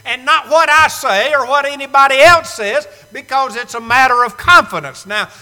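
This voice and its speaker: Male preacher, high-pitched and very bright, emphatic, dramatic loud-to-hushed delivery. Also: normal speed, in a large hall, low-quality recording. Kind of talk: sermon. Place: church sanctuary.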